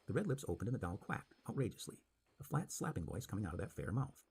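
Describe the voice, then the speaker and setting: A man reading a spooky story aloud with dramatic, expressive narration. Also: fairly low pitch, quick pace, creaky, breathy edge.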